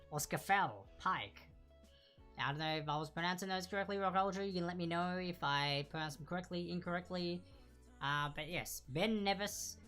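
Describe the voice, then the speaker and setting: A woman hosting a casual live online trivia quiz, chatting and repeating each answer slowly and clearly. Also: fairly low pitch, a bit bright.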